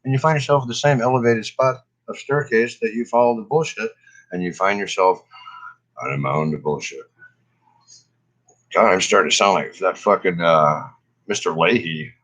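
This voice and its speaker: A man's voice: on the low side, moderate pace, fairly bright tone, poor audio. A stoned man, coughing often, rambling in a laid-back, profane way during a casual cannabis vlog session. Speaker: cannabis vlogger. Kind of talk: casual smoking session chat.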